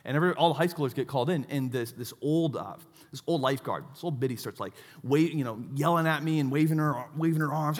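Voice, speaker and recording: A man in his thirties preaching a sermon, telling stories with self-mocking asides and a lively delivery. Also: a little high, fast talker, few pauses, long reverb tail. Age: 30s. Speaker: pastor.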